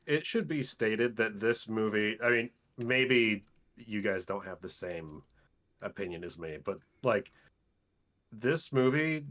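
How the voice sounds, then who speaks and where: A man's voice: lowish voice, expressive, slow pace, fairly bright tone. A man in a casual podcast chat about a film, exasperated and swearing as he rambles.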